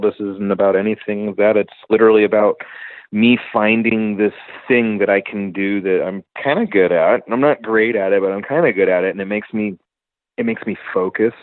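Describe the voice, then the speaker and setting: Forties man, guest, salty storyteller; lowish voice, dry phone-line audio. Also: steady tone, a little fast, no echo. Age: 40s. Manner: profane, vivid storytelling. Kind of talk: casual storytelling.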